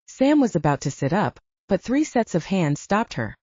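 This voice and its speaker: A woman narrating a romance audiobook in an expressive, animated reading. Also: mid-range voice, moderate pace, breathy edge, no echo, muffled recording. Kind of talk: scripted narration.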